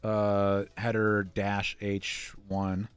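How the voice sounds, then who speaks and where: A man's voice: fairly low pitch, completely flat delivery, extremely slow, clear, resonant tone, no echo, soft background music. A man co-hosting a coding livestream, chatting casually, joking and guiding his partner through the code. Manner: encouraging, joking, guides the coder. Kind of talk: casual chat while coding.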